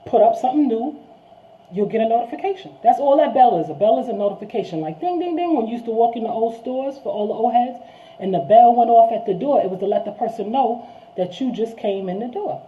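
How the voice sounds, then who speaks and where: A woman vlog host from New York speaks rapidly in a fairly high voice, giving a casual, animated street-talk monologue to viewers she calls y'all. The recording has a tinny, phone-like quality.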